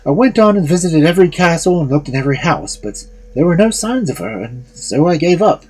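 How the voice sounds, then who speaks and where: A storyteller voicing a weary, lovelorn young man who answers in a stubborn, dejected way, with a husky voice. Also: on the high side, very animated, brisk, darkish tone, voice pushed up.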